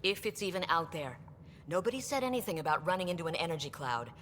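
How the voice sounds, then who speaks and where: A woman's voice: on the low side, sing-song, quick pace, fairly bright tone, a little hiss or hum. An actress with an American accent playing a firm, practical starship captain who holds her ground in a video game. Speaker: ship's captain. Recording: reverberant game audio with ambience.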